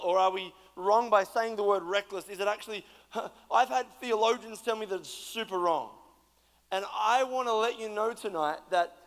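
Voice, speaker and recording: A man's voice: high-pitched, fairly bright tone. A man, giving a playful youth sermon as a guest speaker and telling a story with laughter. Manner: playful, laughing, acts out quoted voices. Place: large church hall. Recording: echoey hall with long reverb.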